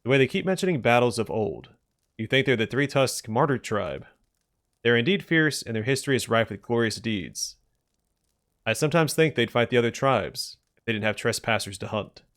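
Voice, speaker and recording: A man's voice: medium pitch, lively intonation, moderate pace, a bit bright, close to an everyday voice. A man reading the lines of a sly, mocking male companion in a teasing, slightly raised voice.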